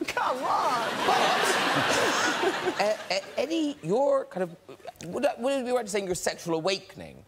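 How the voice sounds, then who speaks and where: A man's voice: very high-pitched, wildly swooping pitch, unhurried, long pauses, very noisy. A man hosting a chat show in a television studio, teasing his guests with playful quips. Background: studio audience laughter.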